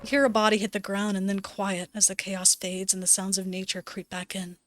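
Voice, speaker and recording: A woman's voice: medium pitch, flat delivery, brisk, faint music behind. A woman streamer playing a story game, reading its text aloud with playful asides. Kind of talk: let's-play narration reading a visual novel aloud.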